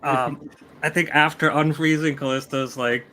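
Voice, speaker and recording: A man's voice: a little high, fairly even intonation, moderate pace, pushed and bright, slight background noise. A man hesitantly describing his character as a player at a tabletop game. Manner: hesitant, filler-heavy. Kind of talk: casual game table talk.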